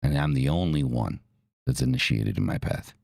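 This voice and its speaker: Casual podcast host, man, low and gravelly, emphatic and profane. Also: moderate pace, darkish tone, dry recording. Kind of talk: casual talk.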